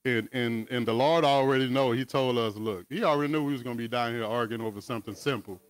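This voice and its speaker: Over a video call, a man gives a conversational Bible teaching in a mid-range voice at a quick pace. He reads verses casually, slipping in asides and chuckles between the scripture readings.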